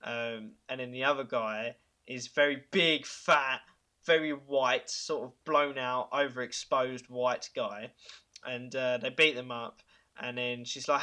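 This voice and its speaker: A man hosting a podcast, pitching ideas in casual chat, enthusiastic and chuckling, with halting fillers. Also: steady tone, sharp tone. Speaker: podcast host.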